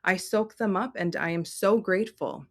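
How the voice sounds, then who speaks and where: A woman channeling a serene ancient Earth mother spirit, speaking in slow, measured, solemn pronouncements. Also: medium pitch, lightly acted. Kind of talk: spoken channeling.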